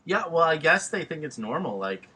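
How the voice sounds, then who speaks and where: A man with a New York accent, with a bright, forceful voice, trading loud jokes on a casual podcast. He swears freely and needles his friend. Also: on the high side, sing-song, normal speed, husky. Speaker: podcast host.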